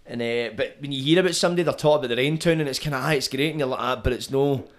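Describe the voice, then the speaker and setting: A man's voice: mid-range voice, rapid-fire. A Scottish man hosting a podcast, talking bluntly and conversationally with plenty of swearing. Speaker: podcast host. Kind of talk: casual podcast chat.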